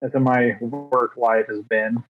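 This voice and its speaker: A man's voice: mid-range voice, level tone, measured pace, faint music behind. A thirty-year-old man co-hosting a podcast, chatting casually in a rambling, self-deprecating way and acting out little exchanges. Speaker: podcast co-host. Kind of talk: casual chat. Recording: dull, dry lo-fi sound.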